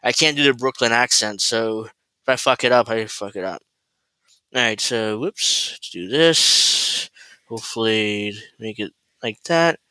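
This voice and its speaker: A man's voice: lowish voice, unhurried, sharp tone, clean tone, dry recording. A man hosting a casual political commentary livestream from home, talking in a rambling, sardonic way and swearing freely. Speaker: host. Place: at home, cooking while streaming.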